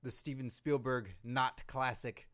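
A man's voice: medium pitch, fairly even intonation, unhurried, a bit bright. A man co-hosting a podcast, chatting casually with dry, sarcastic teasing. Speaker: podcast co-host. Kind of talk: casual comedic chat.

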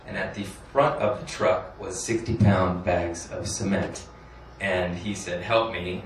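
A man doing stand-up, telling a rambling, crude, self-deprecating story and chuckling through his lines. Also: sits low. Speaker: stand-up comedian. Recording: echoey room from a distance, noisy.

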